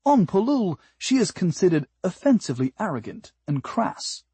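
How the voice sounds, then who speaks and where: A man's voice: high-pitched, sing-song, normal speed, warm tone, slightly rough, dry recording, voice pushed up, heavily acted. A man voicing a chipper alien translator device that adds mocking, insulting asides, in an audiobook. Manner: chirpy helper, mocking asides. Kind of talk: audiobook character voice.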